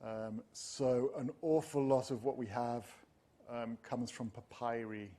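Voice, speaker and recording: A man's voice: medium pitch, steady tone, takes it slowly, mellow. A middle-aged man lecturing on classics to teachers, speaking in a discursive way with frequent ums and restarts. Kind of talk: university lecture.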